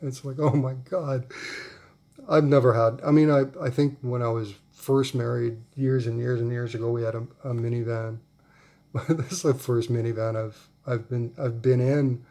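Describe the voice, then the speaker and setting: A man in his forties tells a long, rambling family anecdote with easy amusement. His voice is gravelly and dark, and he breaks into laughter often as he talks. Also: mid-range voice, fairly even intonation, moderate pace. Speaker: vlogger. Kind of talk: casual storytelling.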